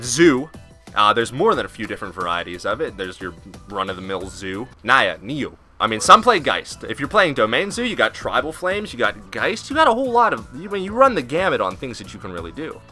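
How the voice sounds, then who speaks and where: A male host with a very bright, sharp voice delivers loose, joking game commentary, his pitch jumping around freely. He tosses in swearing and silly asides while faint music plays beneath him.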